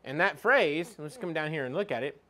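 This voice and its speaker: A man with a fairly high voice leads a relaxed Bible teaching. He reads verses aloud, then talks them through in a loose, conversational way, sometimes pausing to hunt for the next passage. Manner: conversational, reads scripture aloud and looks up verses mid-talk.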